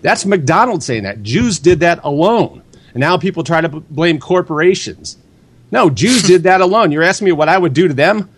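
Combative man with a fairly high voice. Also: animated, normal speed, husky. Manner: combative, dismissive. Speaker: guest. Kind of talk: heated debate.

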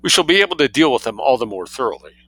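A man voicing a suave, mischievous young man who spins outrageous tales with cool calm. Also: mid-range voice, very fast, voice pushed up. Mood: sly, unruffled.

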